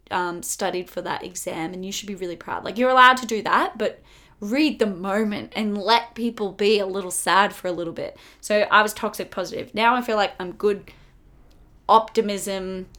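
A young woman hosting a casual self-help podcast, chatty and bubbly, full of fillers and quick laughs. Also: mid-range voice, a bit bright. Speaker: podcast host.

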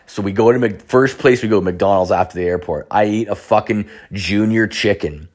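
A man's voice: lowish voice, moderate pace. A young man telling a rambling, profane personal story in casual chat. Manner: profane, rambling, many restarts and fillers.

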